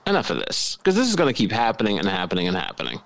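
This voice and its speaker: A man's voice: fairly low pitch, huge pitch swings, very fast, vocal fry, no echo. A man co-hosting a podcast in casual chat, rambling and joking, often repeating himself. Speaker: podcast co-host.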